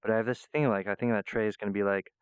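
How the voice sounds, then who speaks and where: Rambling, profane male vlogger, low smooth voice, dry lo-fi recording. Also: fairly even intonation, rapid-fire, dry recording. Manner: rambling, profane, restarts mid-phrase. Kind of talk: rambling monologue.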